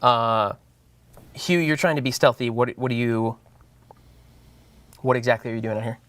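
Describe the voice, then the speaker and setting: A man runs a tabletop game, describing scenes in a loose, halting voice full of fillers. His pitch is middling and the sound is dry and close. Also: a bit bright, dry recording. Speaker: game master.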